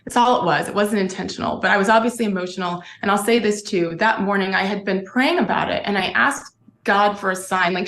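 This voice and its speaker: A woman's voice: medium pitch, brisk, a bit bright, reverberant. A woman, a former sportscaster, speaking as a guest in a candid interview and telling her story with emotion and earnestness.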